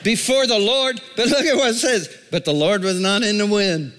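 A male pastor preaching a sermon, calling out to the congregation and swinging from shouts to a near-whisper. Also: high voice, normal speed, few pauses. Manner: call-and-response preaching. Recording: long reverb in a large hall.

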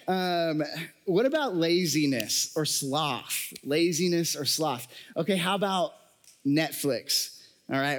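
Male preacher, slightly high voice, conversational sermon style, jokey asides to the congregation. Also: in a large hall. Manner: conversational, joking asides, frequent fillers.

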